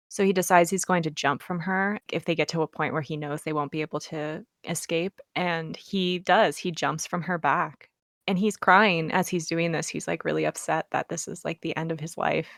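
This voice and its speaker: Low-voiced young woman retelling a plot. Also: steady tone, creaky, fairly bright tone, no room sound, studio quality. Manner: retells the plot quickly with many likes, acts out quotes. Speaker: podcast co-host. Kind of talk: casual book discussion.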